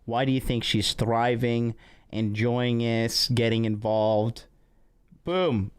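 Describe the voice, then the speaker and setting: A man's voice: mid-range voice, clear, resonant tone. A man hosting a podcast stream, commenting on a played clip and reading out his live chat in an upbeat way. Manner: upbeat, reading out chat, addressing viewers directly. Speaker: podcast host.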